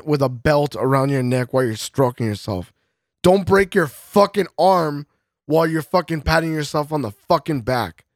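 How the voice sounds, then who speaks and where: A man's voice: fairly high pitch, no echo, studio quality. A man co-hosting a podcast, ranting angrily with constant swearing and bursts of laughter. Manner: profane, heated ranting with frequent laughs. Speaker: podcast co-host. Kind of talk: casual podcast rant.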